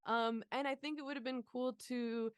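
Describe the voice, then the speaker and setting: A young woman talks movies on a podcast in a casual, sarcastic way, sprinkling in swears and laughter. Her voice sits a little high and sounds close and dry, with no room around it. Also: fairly even intonation, moderate pace, clean tone, dry recording. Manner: chatty, sarcastic, swears often, laughs a lot. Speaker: podcast co-host. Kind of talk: casual movie review chat.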